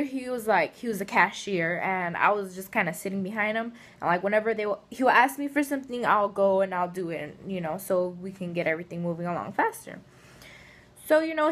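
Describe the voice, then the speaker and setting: A woman casually telling funny personal stories to camera, chatty and giggly. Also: mid-range voice. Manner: chatty, giggly, animated storyteller. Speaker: vlogger. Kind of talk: casual storytelling.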